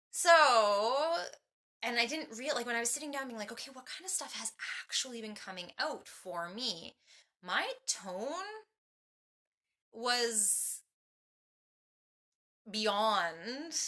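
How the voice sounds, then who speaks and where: A woman's voice: mid-range voice, sharp tone. A woman in a casual behind-the-scenes chat, talking animatedly, acting out quoted dialogue and rambling with fillers and restarts. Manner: chatty, with many fillers and restarts. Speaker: transformation coach.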